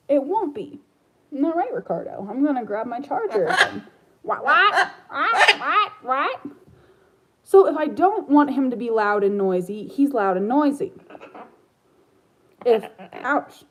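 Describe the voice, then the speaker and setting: A woman's voice: fairly high pitch, warm tone, a little hiss or hum, rough recording. A woman chatting casually about her pet parrot, rambling and slipping into baby talk with the bird. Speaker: parrot owner vlogger. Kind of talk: casual chat.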